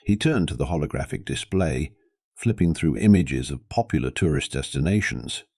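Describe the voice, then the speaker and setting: Deep male narrator for audio stories, steady read, dry close sound. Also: moderate pace, dry recording. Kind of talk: scripted narration.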